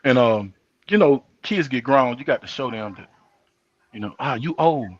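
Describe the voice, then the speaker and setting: A man's voice: medium pitch, moderate pace, dry recording, muffled recording. An older man hosting a casual live talk show, telling stories and acting out the dialogue of the people in them. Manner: animated storyteller acting out quoted dialogue. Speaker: host.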